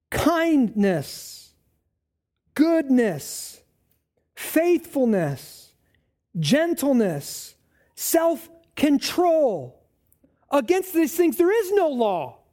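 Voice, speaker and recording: Male pastor mid-sermon, mellow voice, casual and emphatic by turns. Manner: conversational preaching, swinging from raised emphatic lines to low asides.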